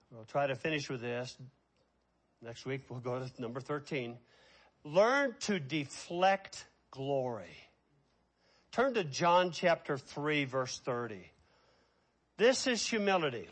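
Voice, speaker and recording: A man preaching a sermon as pastor, stretching key words out slowly, then dropping to quiet, quick asides. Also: fairly high pitch, big pitch swings. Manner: preaching with slow drawn-out emphasis and sudden quiet asides.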